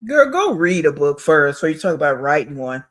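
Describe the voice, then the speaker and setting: A man's voice: fairly high pitch, sing-song, fairly quick, a bit bright, a little hiss or hum. A man hosting a reaction video, giving blunt, scornful commentary on a clip he is watching.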